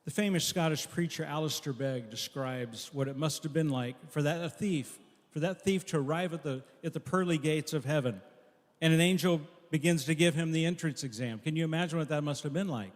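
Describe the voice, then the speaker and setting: A man preaching a memorial sermon, telling a story earnestly and dropping soft at key lines. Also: on the high side, fairly quick. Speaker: pastor at a memorial service. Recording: long echo of a large hall.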